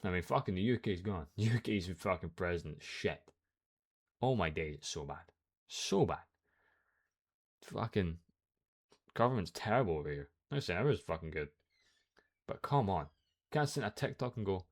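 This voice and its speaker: A man's voice: sits low, moderate pace, long pauses. Young man ranting and swearing. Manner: heated, swearing, animated ranting. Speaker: reaction video host. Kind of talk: ranting reaction commentary.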